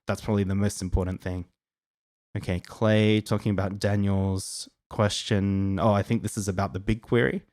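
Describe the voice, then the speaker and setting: There's no echo in the clean studio recording of this young Australian man, whose fairly low, darkish voice barely moves in pitch at a moderate pace. Hosting a casual live Q&A, he answers viewer questions in a friendly, rambling way, with frequent ums and restarts.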